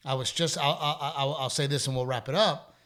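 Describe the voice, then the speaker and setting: In a candid, casual podcast conversation, the middle-aged male host tells stories and repeats himself for emphasis. He speaks briskly at medium pitch, with fairly even intonation and a slightly bright tone.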